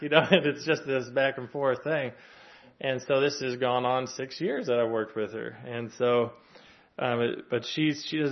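A man's voice: mid-range voice, moderate pace. A man giving an earnest, conversational sermon, speaking plainly with frequent fillers and restarts. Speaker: lay preacher soon to be a pastor. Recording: dull lo-fi recording.

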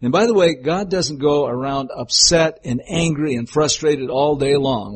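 A man's voice: a little high, unhurried, few pauses, husky. An older man preaching a folksy sermon, telling homely stories and sometimes acting out voices. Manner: folksy, storytelling, breaks into acted voices.

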